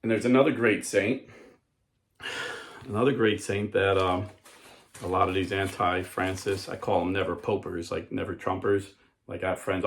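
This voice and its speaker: A man's voice: on the low side, normal speed, gravelly. A man hosting a casual talk show, speaking earnestly and conversationally, often acting out quotes in other voices. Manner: frequent fillers and restarts, quotes people in put-on voices. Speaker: podcast host. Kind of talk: casual commentary.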